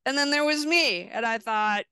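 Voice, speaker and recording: Woman guest, higher voice, vivid storyteller, dry close sound. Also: moderate pace, clear, resonant tone, no room sound. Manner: lively storyteller who acts out her own reactions. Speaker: guest, retired wheelchair racer. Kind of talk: storytelling in a podcast interview.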